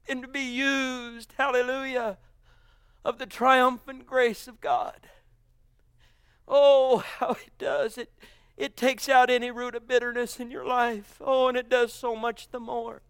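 Very high-voiced fervent male preacher. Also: a bit bright, clean tone, no echo. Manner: fervent, exclaiming "oh" and "hallelujah". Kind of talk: sermon.

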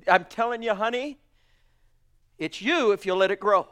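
Fervent high-voiced male preacher. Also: normal speed, clean tone. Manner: swings between booming exclamations and hushed murmurs; fervent, calls listeners honey and sweetheart. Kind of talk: sermon.

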